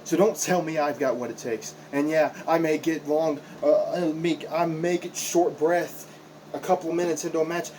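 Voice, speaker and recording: A man's voice: a little high, fairly even intonation, normal speed, a little mellow, slight background noise, poor audio. A man cutting an impassioned, confrontational wrestling promo, repeating himself for emphasis as a backyard wrestler.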